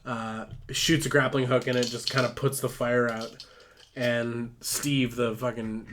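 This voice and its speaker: A man's voice: medium pitch, level tone, unhurried, a bit bright. A man livestreaming while building with toy bricks, improvising a silly story in a rambling, swearing way, laughing often.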